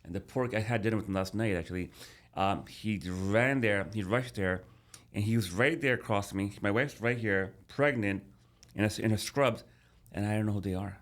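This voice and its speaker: A man in his thirties speaks as a podcast guest, with a fairly low voice. He tells his story casually and animatedly, repeating words and restarting often. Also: moderate pace.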